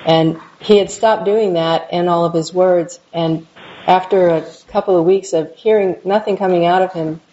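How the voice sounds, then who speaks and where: A middle-aged woman in an interview, recalling her past in a halting, reflective way with many restarts. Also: on the low side, steady tone, dark tone. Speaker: interviewee, mother. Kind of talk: personal recollection interview. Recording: dull lo-fi recording, faint hiss.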